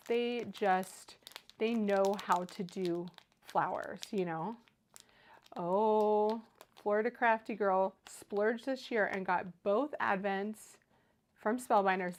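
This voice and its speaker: An enthusiastic woman chats casually through a live craft stream, reading out viewer comments as she goes. Her voice sits at a middle pitch and comes through a close microphone. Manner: chatty and enthusiastic, reads viewer comments aloud. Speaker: crafting livestream host. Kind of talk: casual livestream chat.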